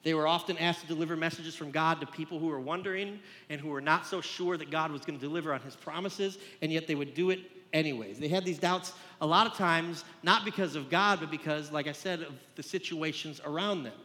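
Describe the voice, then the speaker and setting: A man with a high, bright voice preaches an earnest, conversational sermon, speaking plainly to his listeners like a pastor walking them through a passage. His voice rings out with a long hall reverb trailing behind each phrase. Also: brisk, hardly any pauses.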